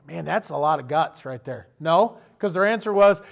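A man preaching a sermon, animated and emphatic, putting direct questions to his listeners. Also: on the high side, moderate pace, vocal fry. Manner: animated, emphatic, rises to loud bursts.

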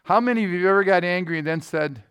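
A man's voice: high voice, fast, a bit bright, clean tone. A man in his sixties preaching a sermon as a pastor, telling a personal story and often checking in with his listeners.

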